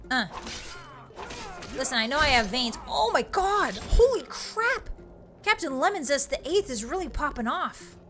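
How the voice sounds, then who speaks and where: A woman streaming a game, chatting casually with a bright, ringing voice that sits a little high. She is excitable and quick to exclaim. Soft game music hums underneath. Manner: excitable, quick to exclaim, playful pirate talk. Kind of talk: casual gameplay commentary.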